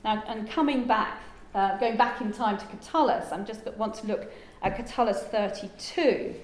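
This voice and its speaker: A woman's voice: mid-range voice, normal speed. Chatty woman lecturing in an echoey room. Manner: chatty, digressive, with frequent ums and asides. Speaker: lecturer and translator. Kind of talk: informal lecture. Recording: echoey room with faint ambience.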